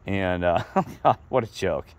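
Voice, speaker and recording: A middle-aged man telling a rambling, animated story in a casual monologue to his viewers. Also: low-pitched, slow, no room sound. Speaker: vlogger.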